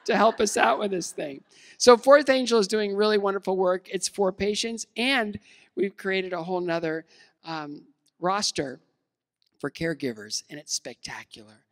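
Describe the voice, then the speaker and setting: A man's voice: high voice, normal speed. Casual joking man in reverberant hall. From United States. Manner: casual, self-deprecating humor with fillers and restarts. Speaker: keynote speaker. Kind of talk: motivational talk. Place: large event hall.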